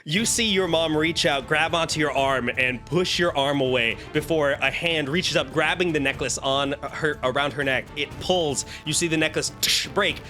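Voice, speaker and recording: A man serves as dungeon master, narrating scenes and ruling on checks in a bright, forward voice. He talks quickly and teases the players. Faint music plays behind him. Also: fairly high pitch. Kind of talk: narrating a tabletop game.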